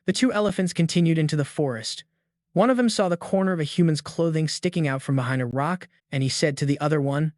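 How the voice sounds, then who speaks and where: Male narrator, steady scripted recap reading, dry sound. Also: fairly high pitch, quick pace, no echo.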